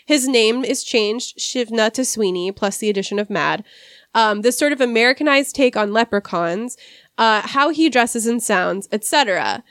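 A woman's voice: fairly high pitch, animated, normal speed, fairly bright tone, no echo, studio quality. A woman hosting a casual literary discussion podcast, reading quoted passages and stumbling over hard words. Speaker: podcast host.

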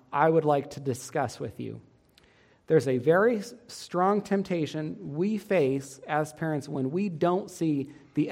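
A man preaching a sermon as a pastor, earnest and emphatic. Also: a little high. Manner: earnest, emphatic preaching with quoted parent voices.

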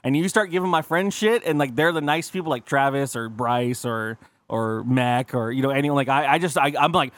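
A Californian podcast co-host rambles through profane stories in casual chat, swearing a lot and acting out the people he quotes. His mid-range voice is a bit bright and a little fast, with few pauses. There's no echo.

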